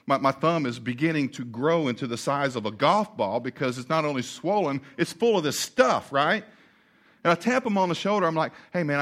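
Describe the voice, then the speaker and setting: Brief: male pastor, slightly high voice, self-mocking storyteller. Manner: animated storyteller, laughing at himself. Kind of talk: sermon storytelling.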